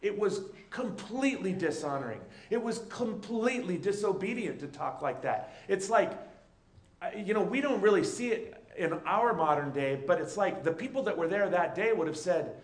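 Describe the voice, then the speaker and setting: A man's voice: high-pitched, animated, moderate pace, reverberant. A male pastor delivering a conversational sermon and often checking in with his listeners.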